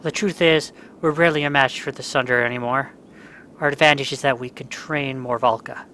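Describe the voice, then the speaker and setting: A man's voice: mid-range voice, fairly even intonation, fairly quick, pushed and bright, slight background noise. A man playing a story game, reading each part's dialogue aloud in his own voice and cursing when the controls glitch. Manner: reads every part in his own voice, breaks into angry outbursts at glitches. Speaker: let's play gamer.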